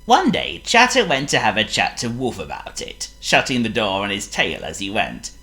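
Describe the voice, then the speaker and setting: A woman reading a children's storybook aloud in a playful, expressive way. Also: rumbling low, measured pace.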